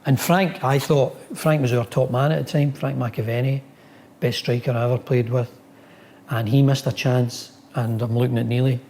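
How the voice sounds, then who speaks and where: A former footballer telling dressing-room anecdotes in an interview. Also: male voice, mid-range voice, fairly even intonation, moderate pace, a little mellow, slight background noise. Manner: storytelling, acts out quotes.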